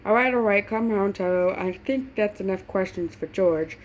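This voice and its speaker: A woman reading as a calm gambling man. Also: mid-range voice, normal speed, a little hiss or hum, close to an everyday voice, poor audio. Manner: calm, even.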